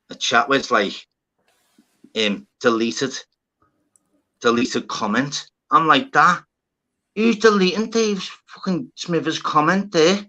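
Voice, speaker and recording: Brief: man, livestream host, bright and lively tone, swears freely, acts out every back-and-forth as he goes. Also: mid-range voice. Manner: swearing, animated, acts out both sides of conversations. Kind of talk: casual storytelling chat. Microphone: phone on a live stream panel.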